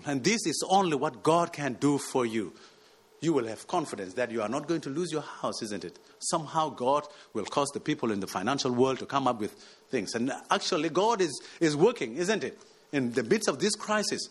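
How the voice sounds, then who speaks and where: A man's voice: mid-range voice, slightly rough. A man from South Sudan preaching a sermon, pressing his points with rhetorical questions and rising exhortations. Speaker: pastor.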